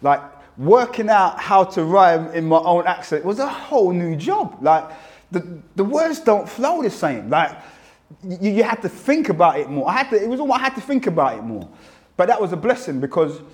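A man's voice: sits high, moderate pace. A man in his fifties with a London accent, recalling his music career in an interview, telling stories and acting out what people said. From England. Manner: animated storyteller, acts out quotes. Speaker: interviewee, rapper. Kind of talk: reflective interview talk.

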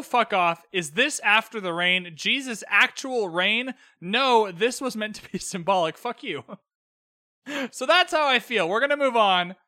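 A young man with a high, lively voice recaps a show on his own podcast mic. His tone is bright and sarcastic, and he swears freely. The sound is dry and close. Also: dry recording. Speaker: podcast host. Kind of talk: casual recap commentary. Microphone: own podcast microphone.

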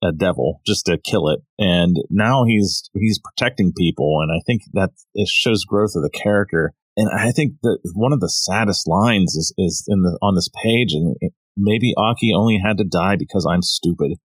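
A man's voice: sits low, normal speed, husky, dry recording. A man co-hosting a podcast in casual chat, talking in a thoughtful, earnest way. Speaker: podcast co-host.

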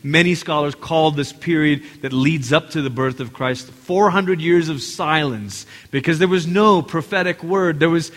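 Male pastor, high voice, lively preaching style, big reverberant church hall. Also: normal speed, few pauses. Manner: animated, acts out quotes, addresses congregation directly. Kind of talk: sermon.

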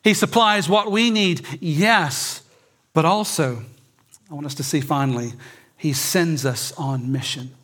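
A man preaching a sermon, emphatic, swinging between loud and soft and often repeating words. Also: on the high side, measured pace. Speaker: pastor.

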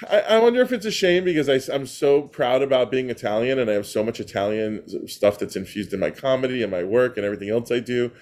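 An American man, a comedian, talking as a podcast guest in casual, animated chat. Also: medium pitch. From United States. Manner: animated, laughing, quick asides.

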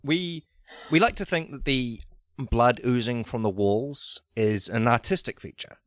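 A man's voice: mid-range voice, a little slow, no room sound, studio quality, lightly acted. A man improvising a male estate agent who shows off a haunted house with chirpy sales patter and hesitant fillers. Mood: salesy.

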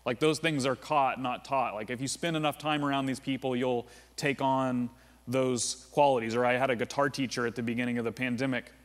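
A man's voice: medium pitch, steady tone, brisk. A man preaching a sermon as pastor in a casual, conversational way, often saying "like" and "uh". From United States. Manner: conversational, with frequent "like" and "uh" fillers. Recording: long reverb of a large room.

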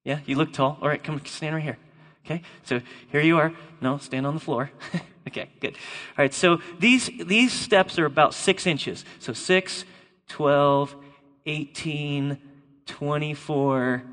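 A man preaching a lively sermon to a congregation, playful and emphatic, joking with volunteers. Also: on the high side. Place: church hall before a congregation. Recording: long reverb of a large hall.

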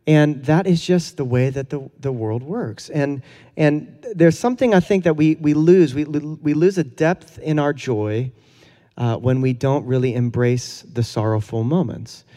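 A man's voice: a little high, measured pace, mellow, big-room sound. A man preaching a conversational sermon in a casual, earnest way, with fillers and chuckles. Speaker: pastor.

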